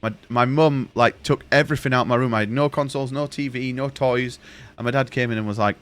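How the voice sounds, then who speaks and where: A man's voice: mid-range voice, steady tone, brisk, a bit bright. A young man streaming a game, chatting casually and telling a rambling, sweary story. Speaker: gaming streamer. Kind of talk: casual chat while streaming.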